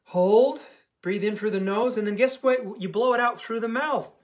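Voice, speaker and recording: A man with a notably high voice speaks straight to his viewers as a diet coach. His talk is animated and emphatic, and he hammers key words by saying them again. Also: fairly quick. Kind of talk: casual motivational talk to camera.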